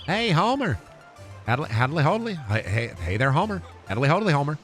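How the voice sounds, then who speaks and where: A man's voice: a little high, sing-song, brisk, fairly bright tone, soft background music. A man impersonating a chirpy, folksy cartoon neighbor, rattling off sing-song nonsense syllables. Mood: goofy. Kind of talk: comic voice impression.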